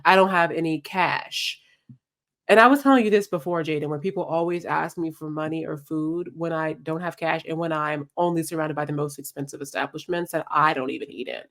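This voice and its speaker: A woman's voice: low voice, quick pace, few pauses. A woman hosting a podcast, telling a story in casual, slangy chat. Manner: animated, slangy, acts out quotes. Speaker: podcast host.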